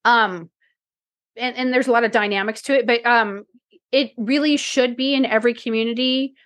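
A woman's voice: a little high, steady tone, moderate pace, fairly bright tone, dry recording. Teary woman rambling on a podcast. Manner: emotional, rambling with many restarts. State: teary, close to crying. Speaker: podcast co-host. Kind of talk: casual podcast chat.

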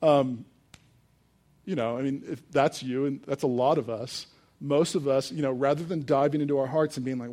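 A man's voice: on the high side, brisk. Casual, story-driven young male preacher. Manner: casual storytelling with fillers, animated when telling a story. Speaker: pastor. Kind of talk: sermon.

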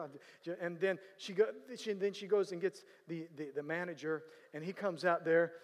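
A man telling a story in sermon style, animated, with sudden loud bursts of emphasis and a habit of asking whether listeners follow him. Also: fairly high pitch, normal speed, few pauses. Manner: animated, bursts of loud emphasis, repeats "you know what I'm saying". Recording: long hall reverb.

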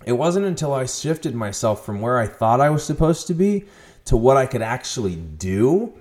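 A young man hosting a podcast, telling a story in a casual, profane monologue with sudden loud outbursts. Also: medium pitch, very animated, normal speed. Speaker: podcast host.

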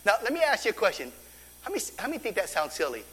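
A man's voice: sits high, very fast, slightly rough, in a large hall. A man preaching a sermon to his congregation, acting out voices in the stories he tells. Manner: animated preaching, acts out quoted dialogue. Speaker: pastor. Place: church sanctuary. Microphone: stage microphone on stand.

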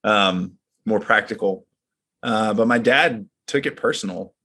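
A man's voice: on the low side, measured pace, bright, forceful tone, slightly rough. A man who leads a men's group, talking in casual chat and telling personal stories in an earnest, reflective way.

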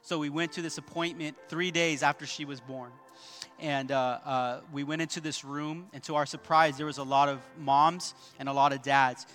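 A man's voice: on the high side, fairly even intonation, moderate pace, a bit bright, soft background music. A male pastor preaching a sermon at a church service, emphatic, repeating key points and calling out to the congregation.

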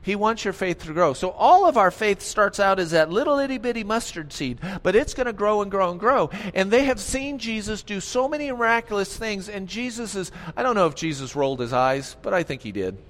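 A male pastor giving an animated sermon, often asking the congregation questions. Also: sits high, brisk, hardly any pauses. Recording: long hall reverb.

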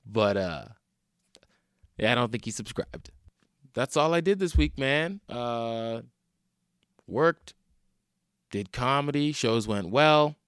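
A man's voice: medium pitch, slow pace, long pauses, smooth, no echo. Man, podcast host, stand-up comic, casual monologue, wry storytelling, dry close sound. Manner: animated storytelling, acts out quoted voices. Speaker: stand-up comedian.

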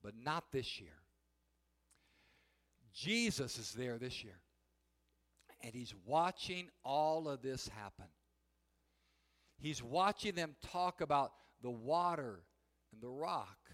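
A man preaching a sermon, telling the story in an animated way and shouting the quoted cries. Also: medium pitch, slow pace, pauses often. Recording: long hall reverb.

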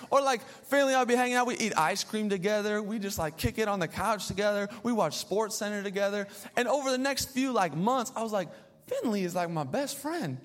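A young adult man preaching a sermon as pastor, telling a story with animated, playful asides. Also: sits high, fairly quick. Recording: long hall reverb.

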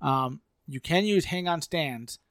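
Walking through hunting rules one point at a time, this male podcast co-host keeps it casual and restarts his sentences now and then. He sounds a little high and fairly bright, with a slow delivery, captured in clean studio sound without echo.

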